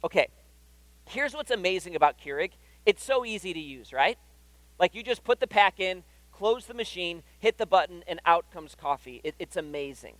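A male pastor preaching in an easy, conversational way, often tossing "right?" to the room. His voice sits a little high for a man. The sound is close and dry. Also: expressive, moderate pace, fairly bright tone, no echo, poor audio. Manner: conversational, keeps checking in with "right?". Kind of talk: sermon. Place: church hall.

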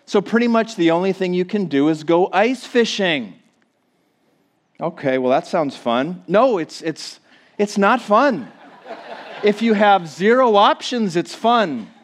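A man's voice: high-pitched, expressive, unhurried. A man in his forties from Minnesota with a Minnesotan accent, giving a casual, joking, self-deprecating sermon to his congregation, chatty and full of fillers. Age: 40s. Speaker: pastor.

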